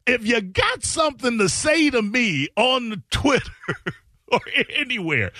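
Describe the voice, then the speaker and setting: A man's voice: high-pitched, sing-song, moderate pace, sharp tone, no room sound, studio quality. A man hosting a radio show, telling a story with sarcasm and reading out tweets in mocking voices. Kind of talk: casual talk-radio storytelling.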